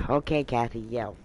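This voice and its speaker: A man's voice: mid-range voice, a little hiss or hum, rough recording. A man hosting a livestream, chatting casually and teasing with frequent laughter. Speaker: livestream host.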